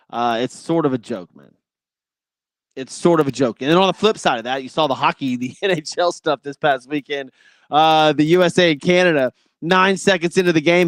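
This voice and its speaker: A man's voice: on the high side, a bit bright, no echo, studio quality. A man hosting a sports talk show, giving a casual, opinionated monologue in a blunt and exasperated way.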